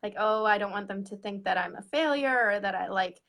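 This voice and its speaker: A woman co-hosting a casual chat about money, talking in a chatty, animated way and acting out what people say. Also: mid-range voice, brisk, creaky. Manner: chatty, animated, acts out quoted voices. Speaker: money coach, co-host.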